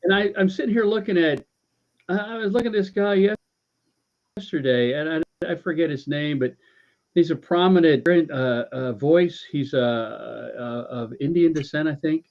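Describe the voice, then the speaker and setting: Stammering, sarcastic high-voiced man. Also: moderate pace, a little mellow. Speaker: podcast co-host. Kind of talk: casual political rant. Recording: dull lo-fi audio.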